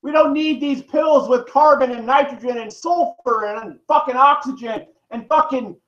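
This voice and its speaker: A man's voice: very high-pitched, normal speed, a bit bright. A man vlogger in pain, delivering a heated, profane, rambling rant to the camera. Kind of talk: angry direct-to-camera rant. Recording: echoey room, dull lo-fi sound.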